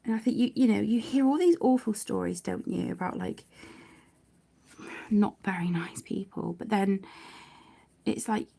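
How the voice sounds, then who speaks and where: With a gravelly, medium-pitched voice at a moderate pace, a woman from the United Kingdom chats casually while hosting her colouring channel's live stream. She's soft-spoken and warm-hearted, often nearly whispering, and her talk is full of fillers and restarts.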